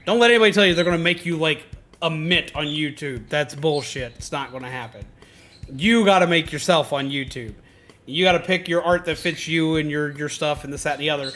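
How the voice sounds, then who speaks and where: A man's voice: fairly high pitch, fairly quick, sharp tone. A man streaming, ranting heatedly to his chat, swearing a lot and often stopping to restart or repeat himself. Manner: heated, profane, emphatic; self-interrupting, repeats himself.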